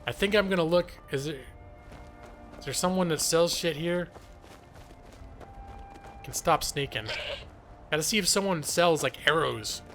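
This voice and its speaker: Faint music plays behind this male streamer's live gameplay commentary. His fairly high, slightly bright voice moves a little slowly with frequent pauses as he chats casually and pokes fun at himself.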